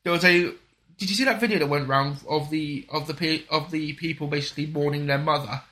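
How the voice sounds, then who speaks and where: Guy on a podcast, high voice, bright, keeps restarting his sentences. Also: steady tone, fairly quick. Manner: rambling, self-interrupting. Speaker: podcast co-host. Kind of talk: casual chat.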